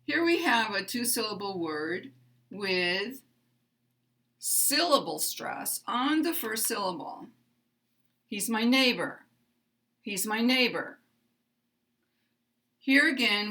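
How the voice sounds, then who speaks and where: An American woman gives a slow, careful pronunciation lesson. Her voice is bright and a little tense, and she exaggerates the pitch of each example phrase so learners can hear it rise and fall. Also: sing-song. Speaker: pronunciation teacher. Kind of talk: slow, deliberate teaching.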